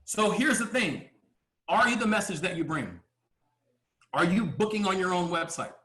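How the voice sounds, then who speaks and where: A man speaking from a stage as a motivational speaker, pressing his points with rhetorical questions and pauses. His voice sits high and swings widely, and his tone is bright and forceful. The sound carries through an echoey room. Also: lively intonation. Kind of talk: motivational speech to a live audience.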